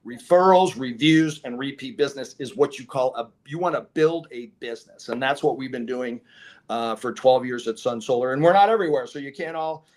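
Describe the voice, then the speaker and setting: A brisk, mid-range male voice belongs to a solar company co-owner chatting through stories in a casual interview. Animated throughout, he plays out others' dialogue and punctuates it with laughs.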